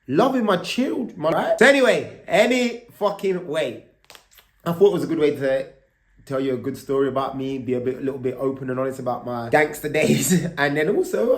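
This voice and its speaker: A man, a little higher-pitched than most men, tells a story to camera. He swears freely and checks in with "right?" as he talks. The sound is roomy and echoey. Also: lively intonation, fairly quick. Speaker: vlogger. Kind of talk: casual storytelling monologue.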